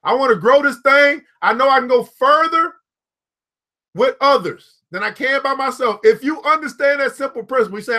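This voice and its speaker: A man's voice: very high-pitched, normal speed, bright, forceful tone. A man giving a motivational live talk to viewers, preachy and repetitive, calling out people by name and chuckling at his own jokes.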